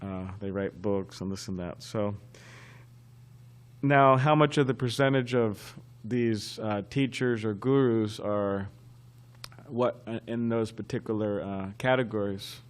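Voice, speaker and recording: A man giving a scripture class at a temple, telling a story in a halting, conversational way. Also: fairly low pitch, smooth. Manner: halting and conversational, often restarting.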